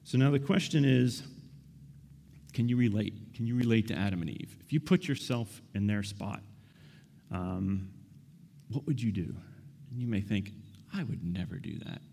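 A man's voice: lowish voice, moderate pace, gravelly, long pauses, dark tone. A man giving a casual, conversational sermon, asking his listeners questions and often adding "right?". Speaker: preacher. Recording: reverberant hall.

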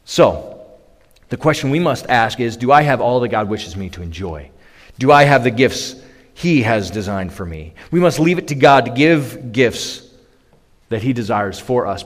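Male pastor, sermon, emphatic delivery, slightly high voice, long hall reverb. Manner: emphatic preaching with sudden raised bursts.

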